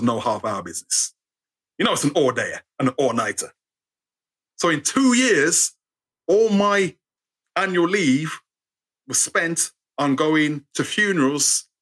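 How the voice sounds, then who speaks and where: Animated, high-voiced British storyteller man. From United Kingdom. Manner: animated, acts out the people in his stories. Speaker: storyteller guest. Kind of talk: humorous personal storytelling.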